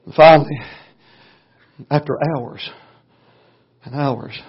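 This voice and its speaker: Man, folksy preacher, hushed to loud, husky tone, muffled lo-fi recording. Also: fairly high pitch, moderate pace, long pauses. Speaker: pastor. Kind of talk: storytelling sermon. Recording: dull lo-fi recording.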